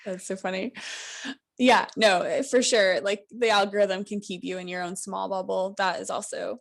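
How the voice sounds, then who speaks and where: A woman's voice: mid-range voice, fairly even intonation, moderate pace, gravelly. A woman hosting a podcast, talking things through in a thoughtful, casual way with frequent fillers. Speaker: podcast host.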